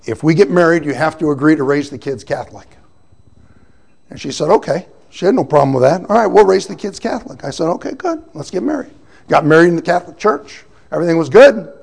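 A man giving a personal testimony, telling his story with animated storytelling and acting out the voices of the people he quotes. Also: a little high, vocal fry. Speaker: testimony speaker.

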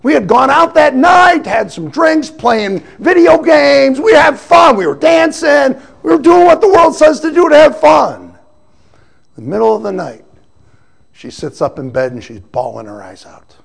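A man giving a personal testimony, telling his story with animated storytelling and acting out the voices of the people he quotes. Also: very high voice, moderate pace, creaky. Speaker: testimony speaker.

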